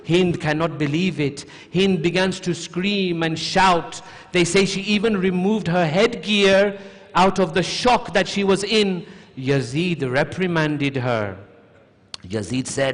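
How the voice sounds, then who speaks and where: A man preaches an emotional mourning sermon, unhurried and drawn out, with a voice that sits high and climbs higher in pleading passages. His words ring on in the long reverb of a large mosque hall. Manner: slow recited storytelling, rising to high emotional pleading in quotes. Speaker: sheikh giving a majlis lecture.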